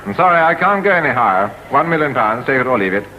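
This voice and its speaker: An actor playing a remote, phone-obsessed upper-class English father in a 1960s TV sketch, clipped and brisk. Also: medium pitch, big pitch swings, lo-fi sound, a crowd in the background, background noise, natural voice. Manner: brisk, clipped, distracted businessman.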